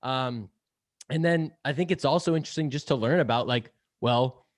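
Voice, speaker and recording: A man's voice: mid-range voice, normal speed, dry recording, studio quality. A young man speaking as a podcast guest in casual interview chat, rambling with lots of fillers, laughing often and swearing casually. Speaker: podcast guest, sales podcast host.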